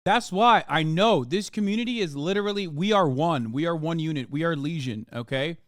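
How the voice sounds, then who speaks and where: A man hosting a live-stream reaction, talking in an animated, profane, ranting way. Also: a little high, fairly quick, dry recording, clean studio sound. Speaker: streamer host.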